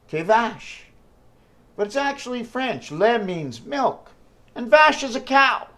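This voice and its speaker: A man talking alone to the camera in a rambling vlog, thinking aloud and hopping between numbers, wordplay and questions to himself. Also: sits high. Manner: free-associating, jumps between numbers and wordplay; thinks aloud with many fillers and self-questions. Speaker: vlogger. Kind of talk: rambling solo vlog monologue.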